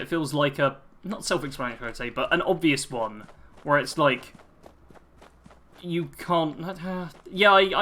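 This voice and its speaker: A man's voice: on the high side, pushed and bright. A young British man chatting casually on a live stream while playing a game, reading viewer comments aloud and poking fun at himself.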